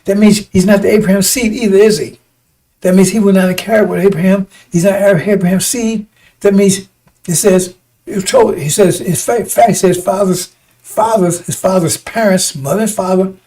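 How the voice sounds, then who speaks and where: Guy preaching hard, high voice, keeps going "see?", rambly and combative. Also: moderate pace, mellow, poor audio. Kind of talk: fiery preaching broadcast.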